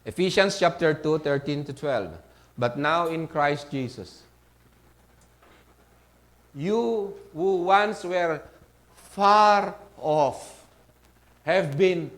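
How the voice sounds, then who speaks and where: A male pastor with a Filipino accent preaching a sermon, mixing English and Tagalog, often asking the congregation "Amen?" and rising from soft asides to loud emphatic peaks. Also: fairly high pitch, drawn-out words, pauses often.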